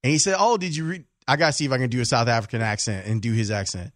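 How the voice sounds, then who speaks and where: A man's voice: mid-range voice, very fast, fairly bright tone, no echo, clean studio sound. A man hosting a sports radio show, telling stories in a jokey, self-mocking way. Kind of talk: casual sports radio chat. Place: radio studio.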